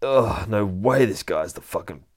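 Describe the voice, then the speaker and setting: A brash young antihero who mocks and defies everyone around him, as a man reads him out from a comic. His voice is low and rough with attitude, and his swagger shows in every line. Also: lively intonation, a little slow, darkish tone, no room sound, studio quality. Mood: wry. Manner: mocking and defiant.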